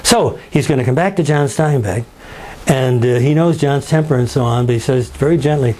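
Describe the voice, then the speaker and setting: A man's voice: medium pitch, moderate pace, darkish tone, slight background noise. A man guiding visitors through a story with emphatic, dramatic telling, acting out the people he quotes and asking rhetorical questions. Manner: dramatic, acts out quotes in changing voices. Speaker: museum guide. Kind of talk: storytelling talk.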